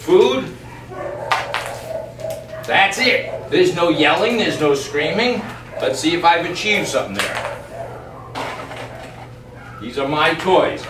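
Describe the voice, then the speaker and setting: A man training a dog on camera, explaining each step calmly and emphatically and breaking off to speak to the dog. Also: fairly high pitch, slow pace, pauses often. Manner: calm, emphatic, talks to the dog in between. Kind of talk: on-the-spot training demonstration. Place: yard and doorway of a house. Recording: distant, echoey camera audio with background noise.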